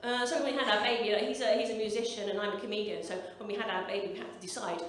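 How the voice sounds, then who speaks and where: This is a forties-aged woman from the English Midlands in a club, racing through a sweary, brash, punchy comedy set. Her pitch is medium and her tone steady. It's recorded distantly through a stage microphone in an echoey room, with the audience laughing.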